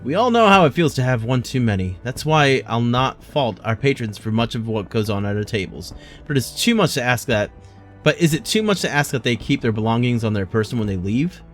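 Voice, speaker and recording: A man's voice: mid-range voice, expressive, fairly quick, faint music behind, lightly acted. Grumbling tavern hand, complaining, read by a man. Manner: complaining, reading aloud with restarts.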